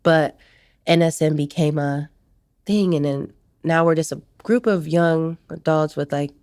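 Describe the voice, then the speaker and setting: A woman's voice: sits low, unhurried, darkish tone, no echo. Dry-voiced woman telling her story. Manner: casual storytelling, acting out others' words. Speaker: podcast guest. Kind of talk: candid life-story interview.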